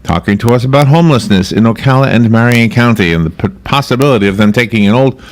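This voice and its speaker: A man's voice: mid-range voice, quick pace. A man hosting a morning radio show, chatting casually and joking with his co-host. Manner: chatty, joking, laughs often. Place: radio studio.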